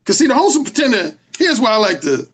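Guy with a high voice lecturing about dating, emphatic and cussing a lot. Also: very animated, quick pace, a bit bright, slightly rough, poor audio. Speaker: dating coach and interview guest. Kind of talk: casual interview.

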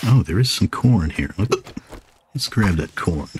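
A man's voice: sits low, expressive, measured pace, a little mellow, slight background noise. A man casually commenting on his survival game as he plays, hiccuping on and off and chatting to himself and his viewers. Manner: chatty, talks to himself while playing. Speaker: gaming video host.

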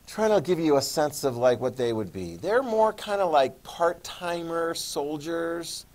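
A man's voice: a little high, very animated, unhurried, a little mellow. A man gives a history lecture to his class in a loose, conversational way. He stops often to ask his students whether they follow, then picks the thread back up. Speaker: history teacher.

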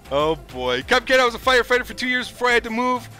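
A man's voice: very high voice, sharp tone. A man streaming a flight simulator, chatting casually with viewers, thanking them and reading their chat messages aloud. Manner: casual and upbeat, chatty, calls viewers dude.

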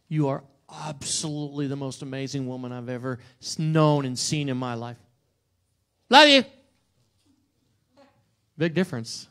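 A man's voice: high-pitched, fairly bright tone. A male pastor giving a conversational sermon to a congregation in church, often checking in with a rhetorical "right?". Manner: conversational, asks rhetorical "right?" and acts out quotes.

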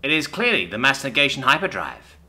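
A man's voice: mid-range voice, sing-song, brisk, pushed and bright, voice pushed up, exaggerated voice. Pompous bird-like alien scientist, male, haughty and self-assured, as a male narrator puts him on.

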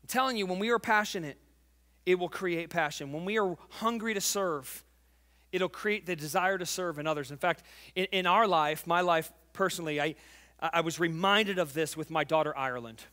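A man in his forties preaching a sermon as pastor, fervent and emphatic, telling a family story and dropping to quiet intimacy. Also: high-pitched, normal speed. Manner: tells a family story, acting out the voices.

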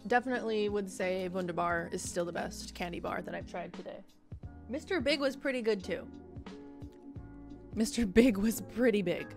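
A woman's voice: medium pitch, moderate pace, vocal fry, music in the background. A young woman streamer chatting casually and joking as she taste-tests snacks, often giggling. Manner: bubbly, jokey, giggly. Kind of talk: casual taste-test chat.

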